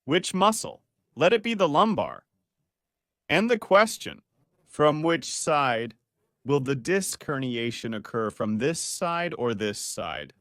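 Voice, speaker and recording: Lively, animated male doctor teaching. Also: on the high side, slow, no room sound, studio quality. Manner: lively, playful teaching with quiz questions to viewers. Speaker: doctor explaining spine health. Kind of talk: video lesson.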